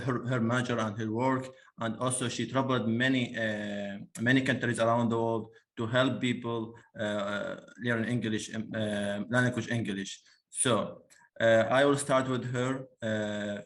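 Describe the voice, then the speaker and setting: A young man from Iraq, a native Arabic speaker, hosting an interview in halting English with many pauses and restarts. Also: mid-range voice, steady tone, fairly bright tone. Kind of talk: casual interview in learner English.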